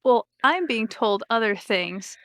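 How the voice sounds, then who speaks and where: A woman playing a tabletop game, making quick joking asides. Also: on the high side, expressive, a bit bright, dry recording. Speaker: player. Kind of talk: casual tabletop play.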